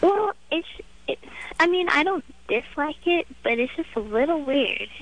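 A teenage girl calls into a radio show, her voice small, high and bright. She speaks hesitantly and often trails off with fillers. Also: animated, unhurried, poor audio. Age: teens. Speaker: caller.

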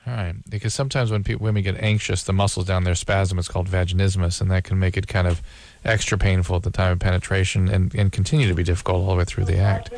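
A man hosting a call-in radio advice show, giving calm, clinical, matter-of-fact answers to callers. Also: low voice, fast, vocal fry.

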